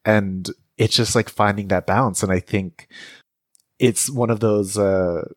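Laughy dude improvising a story, says like a ton, dry close sound. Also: male voice, lowish voice, steady tone, unhurried, dry recording. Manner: giggly, loose, drops lots of "like"s. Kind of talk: casual improvised storytelling chat.

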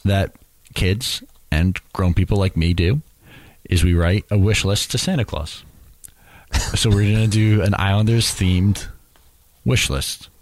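A young man co-hosting a casual sports podcast, relaxed and wry, steering the conversation into new segments. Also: deep voice, a little slow, no room sound. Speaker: podcast co-host.

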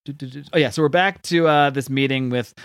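A man's voice: medium pitch, a little fast, a bit bright, clear, resonant tone, no echo, clean studio sound. Rambling casual man recapping. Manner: rambling, many fillers and restarts, laughs often.

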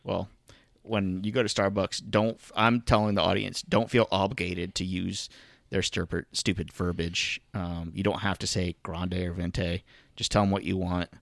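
A man's voice: deep voice, flat delivery, normal speed, gravelly, fairly bright tone, dry recording, studio quality. A man co-hosting a podcast in casual chat, grumbling and rambling with lots of fillers and restarts. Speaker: podcast co-host.

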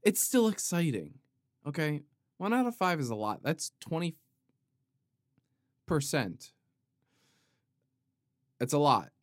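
Playful rambling man with a lively voice. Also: a little high, takes it slowly, long pauses, dry recording, studio quality. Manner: playful, goes off on tangents, sudden loud outbursts. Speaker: podcast host. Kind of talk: rambling comedic monologue.

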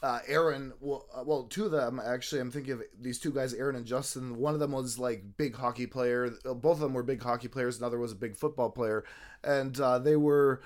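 A young man, speaking in an even, ordinary middle register. He tells his stories in a relaxed, easygoing way, dotting them with ums and "you know". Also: medium pitch, fairly quick. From United States. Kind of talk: casual chat.

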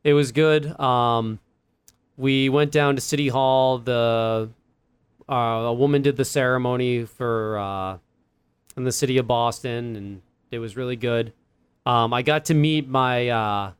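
A young man tells a long story on a podcast, full of fillers and quick laughs. His voice is smooth and resonant, and the recording is dry and close. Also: mid-range voice, dry recording. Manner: rambling, many fillers and laughs. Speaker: podcast co-host. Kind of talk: casual storytelling chat.

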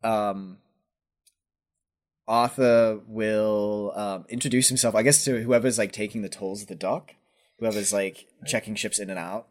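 A man's voice: on the low side, steady tone, normal speed. A man playing a tabletop game, thinking aloud with hesitations. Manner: thoughtful, hesitant. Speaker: player.

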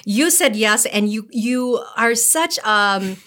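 A woman from Minnesota hosts a loose, chatty conversation, her voice sitting a little high. She talks fast, laughs easily and fires off questions and stories. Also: lively intonation, a bit bright. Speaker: host. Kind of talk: casual chat.

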